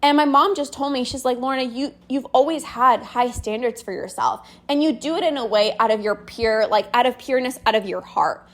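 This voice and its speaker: A young woman with a high voice talks straight to her listeners in a personal podcast monologue. She is earnest and close to tears, and her sentences are full of "like" and "you know". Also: a little fast, hardly any pauses. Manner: tearful, earnest, many fillers like "like" and "you know". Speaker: podcast host and binge eating coach. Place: outdoors on a walk.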